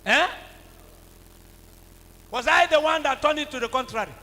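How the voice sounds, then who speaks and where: A Nigerian man preaching a sermon, calling out for the congregation to answer and swinging from low talk to shouts. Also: moderate pace. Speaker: pastor. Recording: reverberant hall with faint hum.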